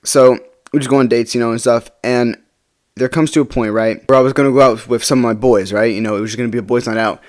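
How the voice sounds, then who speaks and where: A man's voice: medium pitch, fairly even intonation, quick pace, a little mellow. A young man telling a personal story in a casual vlog, rambling and checking in with the listener with "right?". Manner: rambling, many fillers like "right?".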